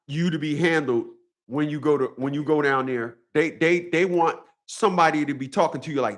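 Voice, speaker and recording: A man's voice: on the high side, a little fast. A man talking straight to his viewers in a casual monologue, profane and repetitive, with a preachy storytelling manner. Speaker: vlogger.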